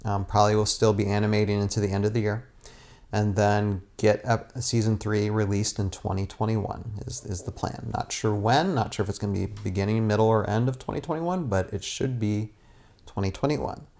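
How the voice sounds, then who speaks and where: Sitting on a futon indoors, a guest who works as a stop-motion animator chats casually, rambling, restarting often and going off on little rants. He speaks at normal speed in a lowish, darkish voice with fairly even intonation.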